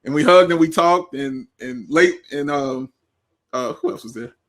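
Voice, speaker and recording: A man from Chicago with a bright, ringing voice pitched a little high. He co-hosts a sports talk show and tells lively stories, acting out each person's lines and laughing often. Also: moderate pace. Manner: animated storyteller, acts out quotes, laughs often. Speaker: co-host. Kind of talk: casual sports chat.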